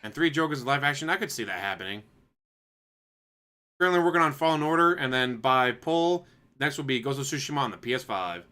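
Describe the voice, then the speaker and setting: A man's voice: medium pitch, lively intonation, brisk, bright, forceful tone, clean tone. A man streaming commentary, answering a clip with sarcastic, mocking rebuttals. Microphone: desk USB microphone.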